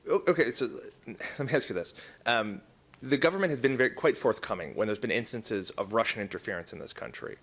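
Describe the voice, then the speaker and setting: A man questions an official at a press conference, pressing his point and filling pauses with many ums and uhs. His voice sits low. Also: animated, fairly bright tone. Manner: probing, many filler words. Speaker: journalist.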